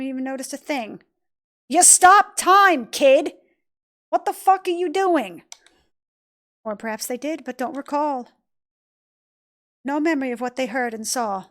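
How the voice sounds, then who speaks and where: A woman voicing a cryptic, hushed young boy. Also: high-pitched. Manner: soft, measured and cryptic. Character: mysterious calm young boy who stops time. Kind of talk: reading game cutscene lines aloud.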